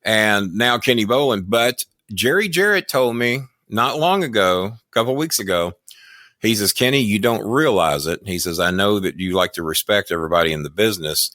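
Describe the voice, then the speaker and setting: Older American man, former wrestling manager, profane, boastful, bright lower voice, dry close sound. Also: expressive, moderate pace, dry recording. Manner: profane, boastful, rambling anecdotes. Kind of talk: casual storytelling chat.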